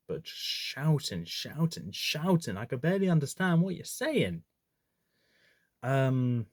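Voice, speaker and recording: A man's voice: fairly low pitch, darkish tone, no room sound, studio quality. A man giving a casual, opinionated film ranking, chatty and often correcting himself mid-sentence. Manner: chatty, opinionated, self-correcting with frequent restarts. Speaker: movie reviewer. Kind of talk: casual movie ranking commentary.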